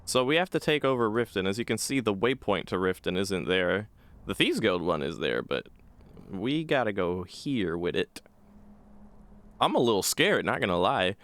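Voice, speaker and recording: Rambling, animated gaming host man. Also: fairly low pitch, normal speed. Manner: rambling, casual, profane. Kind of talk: let's play commentary.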